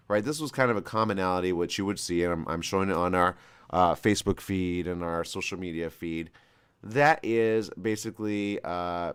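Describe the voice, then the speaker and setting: Animated rambling male show host. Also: fairly low pitch, clean tone. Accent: West Coast American. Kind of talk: live show commentary.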